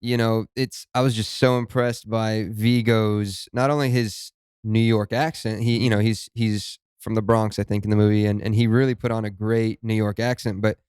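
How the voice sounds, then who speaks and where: A man's voice: lowish voice, moderate pace, smooth, dry recording, clean studio sound. A young adult man, raised in Italy and Arizona, chatting as a podcast guest and telling stories with restarts. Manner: relaxed storytelling with frequent restarts and laughs. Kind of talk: casual chat.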